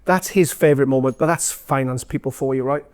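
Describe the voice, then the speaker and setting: A man's voice: medium pitch, fairly quick, a little mellow. A man with a Geordie accent, a former company chief, giving a chatty, self-deprecating talk full of stories to a room of people. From North East England. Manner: chatty, self-deprecating storyteller with many fillers. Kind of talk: live anecdotal talk to an audience. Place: event room with an audience.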